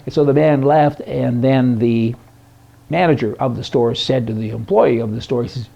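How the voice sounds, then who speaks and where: A man's voice: medium pitch, steady tone, normal speed, creaky, warm tone. A man hosting a conservative news commentary show, sarcastic and folksy, chuckling at his own jokes. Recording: dull lo-fi recording.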